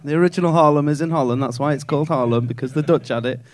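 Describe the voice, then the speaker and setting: A man's voice: a little high, rapid-fire, a little mellow. A male stand-up comedian, doing cheeky, sweary crowd work from a comedy club stage.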